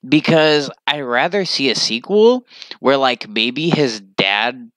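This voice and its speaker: Slow-talking young man ranting. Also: mid-range voice, dry recording. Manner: animated, swearing, loose and rambling. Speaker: vlogger. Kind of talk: casual rant to camera.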